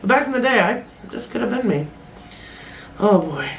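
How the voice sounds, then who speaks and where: A woman's voice: a little high, animated, moderate pace, creaky, slight background noise. A middle-aged woman hosting a casual reaction video, blunt and laughing, swearing freely as she comments. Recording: roomy echoey room.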